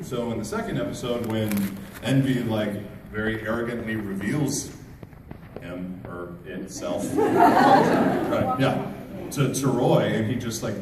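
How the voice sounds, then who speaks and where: A man in his thirties, a guest at a fan panel, telling stories with excited bursts of quoted voices. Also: on the low side. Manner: lively storyteller, jumps into loud excited quoted voices. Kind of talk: animated anecdote at a fan panel. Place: large convention hall with audience. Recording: very echoey hall, far from mic, crowd noise.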